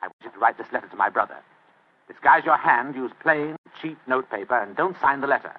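An actor playing a wry male government official who speaks dryly and dictates with pauses. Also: mid-range voice, expressive, husky. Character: Holmes's elder brother, wry male official. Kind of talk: 1950s radio drama acting. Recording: thin phone-like old radio recording.

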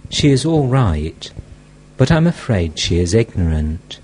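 A man's voice: lowish voice, very animated, a little slow, a little mellow, a little hiss or hum. A man reading the part of a timid married disciple who answers hesitantly and politely. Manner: hesitant, deferential.

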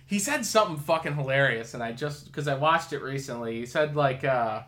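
Bright-voiced swearing man. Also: mid-range voice, animated, brisk. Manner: swears a lot, rambling with many fillers. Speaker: podcast host. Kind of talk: casual chat.

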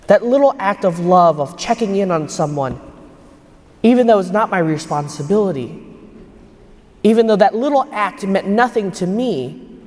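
A man's voice: fairly high pitch, lively intonation, moderate pace, pauses often, a little mellow. A young man giving a homily at Mass as a priest, telling a personal story in an earnest way. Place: church. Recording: long church reverb.

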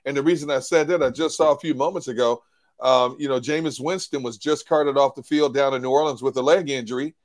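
A man talking as an analyst on a post-game show, animated, repeating words and acting out quotes from others. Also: mid-range voice, brisk. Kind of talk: casual sports talk.

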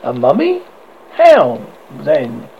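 A man voicing a brisk, no-nonsense young male student in a horror story reading, blunt in manner. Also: a little high, huge pitch swings, highs cut off, slight background noise, pitched below the performer's own voice, heavily acted.

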